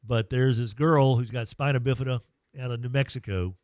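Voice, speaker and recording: A man hosting a morning sports radio show, telling stories in a lively, emotional, self-deprecating way into a studio mic. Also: medium pitch, brisk, no room sound. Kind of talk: casual morning radio chat.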